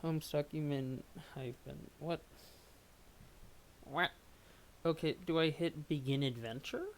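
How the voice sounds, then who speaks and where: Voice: mid-range voice, steady tone, unhurried, vocal fry, slight background noise. A young adult streamer rambling at home while reading a webcomic live. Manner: rambling, self-deprecating. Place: at home, under a blanket.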